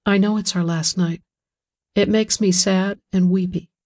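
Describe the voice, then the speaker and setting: A narrator voicing a tense wife who answers politely but anxiously in a storybook reading. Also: female voice, mid-range voice, fairly even intonation, measured pace, a little mellow, close to an everyday voice. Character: tense, nervous wife eager to get away.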